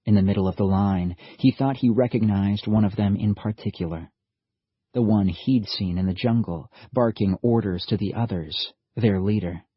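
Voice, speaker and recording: A man narrating an audiobook in a steady, measured storytelling manner. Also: lowish voice, slightly rough, no room sound, highs cut off. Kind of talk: scripted narration.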